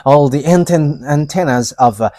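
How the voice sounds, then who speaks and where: A man preaching a live sermon, halting, with frequent pauses and fillers, and chuckling between statements. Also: fairly high pitch, dark tone, no room sound.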